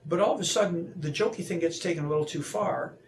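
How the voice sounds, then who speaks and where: A man, an anti-bullying seminar speaker, being interviewed; he talks in an animated way, acts out the voices he quotes, and often restarts his sentences. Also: fairly high pitch, quick pace, a little hiss or hum.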